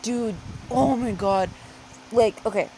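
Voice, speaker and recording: A woman's voice: on the high side, takes it slowly, warm tone, a little hiss or hum, rough recording. A woman co-hosting a casual podcast, talking bluntly and with exasperation, with lots of swearing. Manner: profane, blunt, exasperated ranting. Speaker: podcast co-host. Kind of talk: casual chat.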